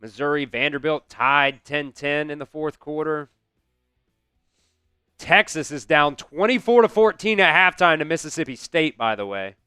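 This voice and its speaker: A man hosts a live-stream football watch-along, calling plays live, venting at his team, talking back to the chat and swearing in frustration as casual commentary. His voice is fairly high, animated and bright, forceful and smooth at a normal pace. The recording is dry and studio quality, with soft background music.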